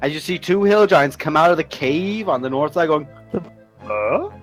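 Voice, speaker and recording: A man narrates a tabletop game as its game master, pitched high and full of swearing and laughter. Faint music plays behind him. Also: brisk, poor audio. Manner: laughing, profane, animated storytelling.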